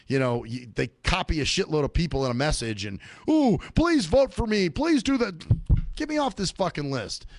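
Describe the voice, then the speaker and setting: A man's voice: fairly high pitch, creaky, a bit bright, no room sound, clean studio sound. A man hosting a solo radio talk show, ranting profanely and sarcastically and mocking other people's voices as he goes.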